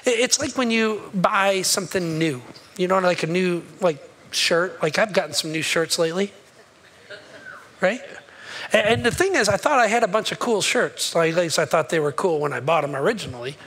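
Male pastor, higher-pitched voice, casual storytelling sermon, loud one moment and hushed the next. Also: lively intonation, normal speed, slightly rough. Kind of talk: conversational sermon.

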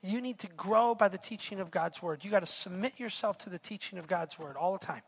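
A man's voice: high-pitched, a little fast, husky. A middle-aged man preaching a sermon in a chatty storytelling way, repeating words and checking in with "right?". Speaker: pastor.

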